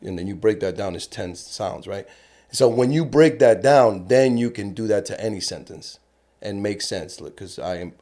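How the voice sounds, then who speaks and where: A man with a Cuban Spanish accent and a lowish voice talks as a guest on a casual podcast. He swears freely and jumps into little acted-out bits to make his point, his delivery animated and expressive. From Cuba. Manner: animated, profane storyteller who acts out lines.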